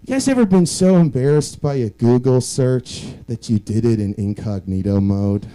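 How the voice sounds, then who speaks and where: A man's voice: medium pitch, lively intonation, moderate pace, mellow, clear, resonant tone, low-quality recording. A young man doing a rambling, self-deprecating stand-up set. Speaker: stand-up comedian.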